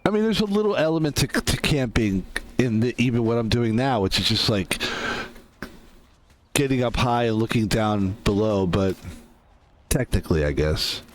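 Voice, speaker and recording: A man's voice: medium pitch, animated, normal speed, pauses often, slight background noise. A man streaming a game, rambling casually with jokes and laughs while he plays. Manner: rambling, laughing, joking asides. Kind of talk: casual gameplay commentary.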